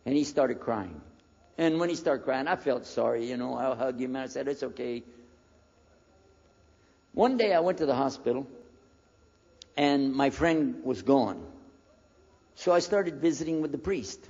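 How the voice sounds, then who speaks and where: A man's voice: medium pitch, expressive, measured pace, gravelly, pauses often, darkish tone. An older man, a former preacher, telling his conversion story to an audience in a folksy storytelling manner. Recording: dull lo-fi recording in a reverberant hall.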